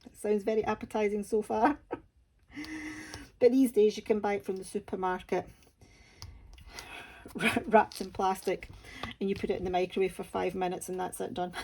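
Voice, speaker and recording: A woman's voice: medium pitch, darkish tone, slight background noise. A Scottish woman from Scotland, hosting a crafting channel and chatting casually to camera in a homely, self-deprecating way.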